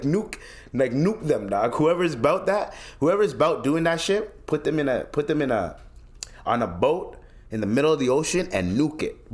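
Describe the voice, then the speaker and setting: Blunt, ranting young man podcaster. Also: medium pitch. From Canada. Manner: animated, blunt, profane ranting with frequent restarts. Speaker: podcast host. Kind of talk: casual solo commentary.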